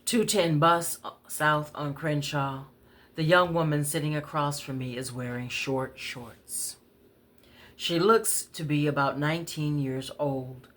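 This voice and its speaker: A woman's voice: low-pitched, steady tone, slow, a bit bright. A woman poet reading her bus stories aloud, conversational with wry asides. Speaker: poet, storyteller. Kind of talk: spoken-word story reading.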